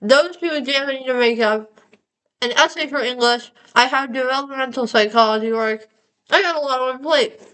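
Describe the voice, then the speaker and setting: Numb-mouthed young woman rambling, high voice. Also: moderate pace, a bit bright, rough recording. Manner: rambling, self-mocking, breaks into laughs. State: numb mouth after dental surgery. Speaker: vlogger. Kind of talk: casual vlog monologue.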